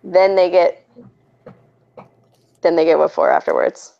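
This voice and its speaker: Young woman, fast animated storyteller with a gravelly edge; dull lo-fi stream sound. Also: on the low side. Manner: animated storytelling, lots of "like", giggly. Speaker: stream co-host. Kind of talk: casual chat.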